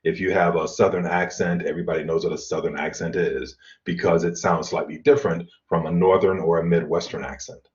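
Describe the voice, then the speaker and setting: A middle-aged man teaching an online college class, explaining in a relaxed way with fillers and throat clearing. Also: deep voice, brisk, hardly any pauses. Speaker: college instructor. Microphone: computer mic on video call. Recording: dull lo-fi video call audio.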